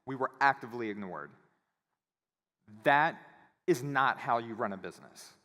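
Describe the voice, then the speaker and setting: A man's voice: medium pitch, normal speed. Man telling a story in a reverberant hall. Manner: animated, acts out quoted voices. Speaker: conference speaker. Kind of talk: casual storytelling talk. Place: conference hall.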